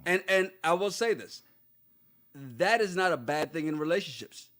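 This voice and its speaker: A man's voice: high voice, lively intonation, moderate pace, a bit bright. A man co-hosting a podcast, talking things through in casual chat with emphatic repeats. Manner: talks things through, restarts, emphatic no-no-nos. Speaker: podcast co-host.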